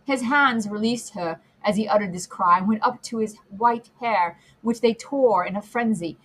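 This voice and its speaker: A woman narrating a classic novel as an audiobook, reading in a measured, expressive way. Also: mid-range voice, breathy edge, poor audio. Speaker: audiobook reader.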